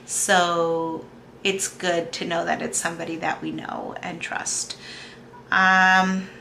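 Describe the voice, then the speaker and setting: A woman in her thirties talking in a personal video diary, soft and halting, with many pauses and fillers, close to tears. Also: fairly low pitch, flat delivery, vocal fry, slight background noise. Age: 30s. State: emotional, on the verge of tears. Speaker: vlogger.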